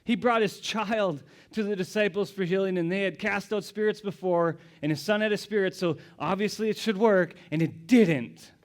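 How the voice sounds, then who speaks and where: A male pastor preaching a sermon, telling the story dramatically, dropping to hushed whispers and rising to loud exclamations. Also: high-pitched, moderate pace, hardly any pauses.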